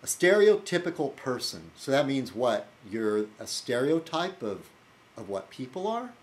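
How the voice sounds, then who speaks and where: A man's voice: medium pitch, very animated, unhurried, darkish tone. A man talking casually in his weekly video blog, rambling and wry, with frequent fillers and restarts. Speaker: video blogger.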